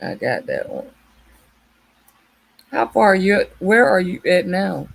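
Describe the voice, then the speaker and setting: Husky, gravelly woman chatting on a livestream. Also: on the low side, huge pitch swings, unhurried. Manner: chatty, laughs often, greets viewers warmly by name. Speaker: livestream host. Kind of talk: casual livestream chat with viewers.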